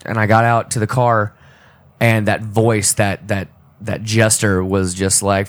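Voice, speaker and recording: A man on a podcast telling a deeply personal story in a halting, emotional way, often restarting his sentences and choking up. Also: flat delivery, no room sound. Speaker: podcast co-host. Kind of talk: personal storytelling in casual talk.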